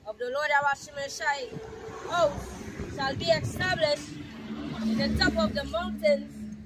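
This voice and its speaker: A woman with a high voice reads scripture aloud, pacing the words slowly. Street noise and traffic sound clearly behind her. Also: fairly even intonation. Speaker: scripture reader. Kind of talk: reading scripture aloud outdoors.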